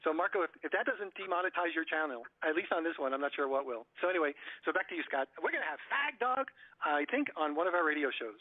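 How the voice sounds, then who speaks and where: A man's voice: on the high side, expressive, fast talker. A man with a slightly raised voice stammers and giggles through casual radio chat. He comes through a tinny, phone-like line. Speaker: radio show host.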